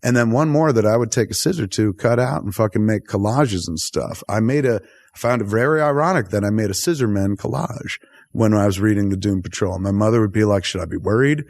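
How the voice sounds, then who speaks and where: A man hosting a podcast interview, talking in an excitable, effusive and profane way. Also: on the low side, a little fast. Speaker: podcast host.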